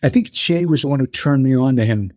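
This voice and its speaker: An older man, a guest in an interview, telling animated stories and acting out the people he quotes. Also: medium pitch, fairly quick, no room sound, studio quality. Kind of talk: conversational interview storytelling.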